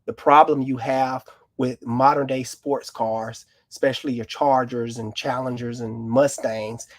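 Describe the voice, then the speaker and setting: A man's voice: medium pitch, steady tone, measured pace. A man, a mechanic co-hosting a casual live car Q&A, who explains at length in a folksy way. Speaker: mechanic, co-host.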